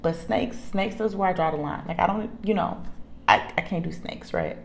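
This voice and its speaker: A middle-aged woman telling a funny story in a casual vlog, animated, laughing often and restarting her sentences. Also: on the low side, moderate pace, vocal fry, slight background noise. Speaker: vlogger.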